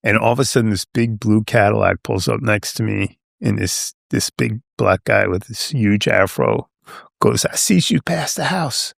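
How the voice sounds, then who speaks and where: A man's voice: on the low side, steady tone, moderate pace, creaky, no room sound, clean studio sound. A man in his seventies from Long Island, telling a story as a podcast guest, rambling and dropping "you know" and "right?" all the way through. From Long Island, New York. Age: 70s. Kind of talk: casual storytelling.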